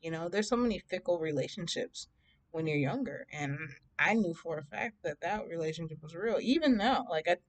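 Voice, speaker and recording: A woman in her thirties from Detroit telling a personal story in a casual, animated way, often laughing and acting out both sides of the conversations. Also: lowish voice, a little fast. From Detroit, USA. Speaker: storytime vlogger.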